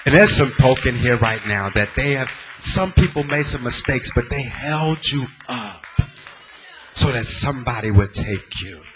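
A man preaching a sermon to a congregation, rising to loud exhortation and dropping to hushed, near-whispered storytelling. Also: medium pitch, expressive, unhurried, background noise. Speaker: pastor. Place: church sanctuary before a congregation.

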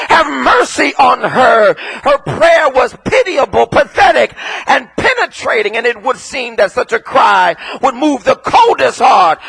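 A man preaching with a very high, bright, sharp-edged voice that turns husky when he shouts. He sets a slow, deliberate pace and rises into a sing-song cadence, hammering repeated phrases. He sinks to near whispers for emphasis. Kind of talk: sermon.

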